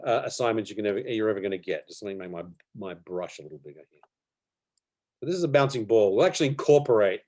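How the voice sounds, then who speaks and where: A middle-aged man teaching animation in a live online workshop over a video call. He talks in a relaxed, chatty way, with many fillers and soft laughs. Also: mid-range voice. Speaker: animation instructor.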